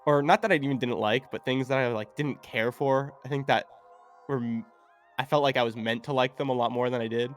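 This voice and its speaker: A man's voice: mid-range voice, steady tone, fairly quick, faint music behind. Rambling, hesitant male podcast guest. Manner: rambling, hesitant, many fillers. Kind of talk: casual podcast chat.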